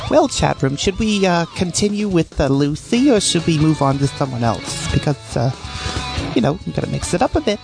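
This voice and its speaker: Low-voiced crude joking woman streamer. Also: sing-song, vocal fry. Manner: crude, joking, quick to swear. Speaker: prank-calling streamer. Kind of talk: casual live-stream chat with prank calls. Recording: voice over guitar music.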